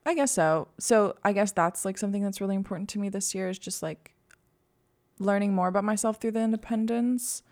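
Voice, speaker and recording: A woman's voice: medium pitch, fairly quick, darkish tone. Chatty young woman podcast co-host. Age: young adult. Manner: chatty, lots of "like" fillers, upbeat. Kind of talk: casual chat.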